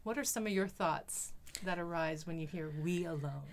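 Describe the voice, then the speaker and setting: A woman's voice: lowish voice, normal speed. Thoughtful Australian woman, podcast host. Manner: thoughtful, enthusiastic. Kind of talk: casual conversation about poetry.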